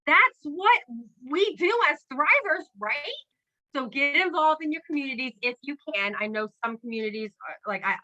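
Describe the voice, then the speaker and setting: A woman talking excitedly on a casual group call, emotional and dropping mild swears. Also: mid-range voice, highs cut off. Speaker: team member sharing tips.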